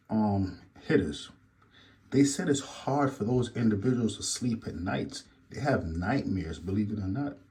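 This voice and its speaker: A man's voice: mid-range voice, darkish tone. A man hosting a reaction commentary, repeating phrases and lecturing about street life. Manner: repetitive, preachy, says "believe it or not". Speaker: commentary host.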